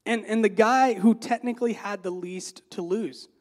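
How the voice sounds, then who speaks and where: Guy preaching like he's just chatting, kinda high voice, lots of "like" and "you know". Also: moderate pace. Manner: animated, filler-heavy, repeats words, asks rhetorical questions. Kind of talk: conversational sermon.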